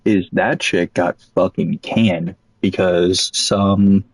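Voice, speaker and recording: A young man casually telling a rambling, profane story about old jobs, animated as he quotes people. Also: low-pitched, takes it slowly, dry recording, rough recording.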